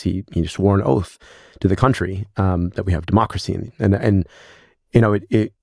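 A man from the United States speaks in a low, gravelly voice, recalling family stories as an interview guest. He shifts into quoted dialogue as he tells them. The sound is close and dry. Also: moderate pace, a little mellow, no room sound. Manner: reflective storytelling, acts out quoted dialogue. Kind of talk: conversational interview.

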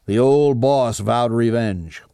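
A man narrating a documentary in a measured, scripted delivery. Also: medium pitch, dark tone, clean tone, no room sound, clean studio sound.

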